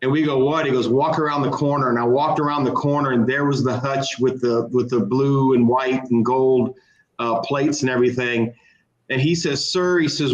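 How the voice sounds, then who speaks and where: A man co-hosting a casual online chat, telling a long family story in a relaxed, anecdotal way. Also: mid-range voice, moderate pace. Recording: echoey room.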